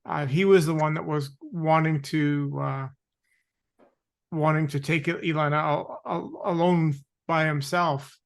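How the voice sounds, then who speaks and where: Halting male talk show host. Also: on the high side, fairly even intonation, vocal fry. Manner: halting, with many restarts. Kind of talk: casual chat.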